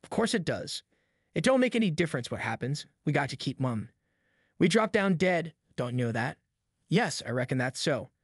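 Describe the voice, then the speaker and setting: A man's voice: a little high, big pitch swings, normal speed, breathy edge, dry recording, studio quality, full character voice. A man voicing two frightened backwoods boys who whisper in a rustic drawl. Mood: scared whisper. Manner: rustic dialect drawl, hushed and fearful.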